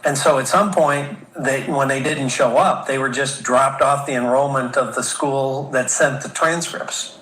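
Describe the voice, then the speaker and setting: Measured man in an echoey room. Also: mid-range voice, fairly even intonation, a bit bright. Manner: measured, explains procedure step by step. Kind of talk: explanatory interview.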